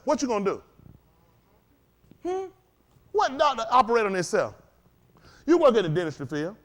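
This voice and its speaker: A man preaching a sermon to a congregation, firing questions at the crowd and swinging between loud and low. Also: sing-song, normal speed, long pauses. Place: congregation hall.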